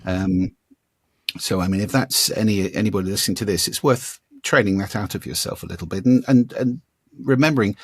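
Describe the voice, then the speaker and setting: Man, older, low husky voice, demonstrative speaking coach, dry sound. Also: a little fast, dry recording. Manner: demonstrative, varies pitch and volume to illustrate points. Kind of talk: conversational interview.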